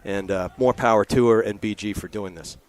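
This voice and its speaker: In the press booth at a lacrosse game, a man from Maryland provides color commentary in a chatty, earnest style packed with fillers and asides. His voice is fairly low and fairly quick, with background noise.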